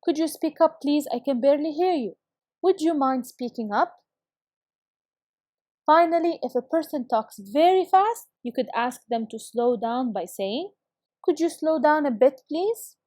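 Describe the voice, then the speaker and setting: A woman teaching a recorded English lesson with a clear, encouraging classroom delivery. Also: high voice, lively intonation, measured pace, a little mellow, no echo, studio quality.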